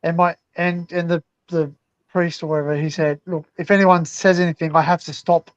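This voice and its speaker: High-voiced man on a dull line. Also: little pitch movement, moderate pace, dry recording. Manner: jokey, rambling. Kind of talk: casual chat.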